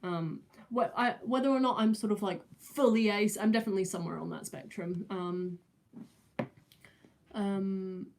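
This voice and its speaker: A woman's voice: medium pitch, moderate pace, vocal fry, darkish tone. A nineteen-year-old woman, chatting casually on a livestream, with many fillers, restarts and a slight stutter. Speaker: streamer answering chat.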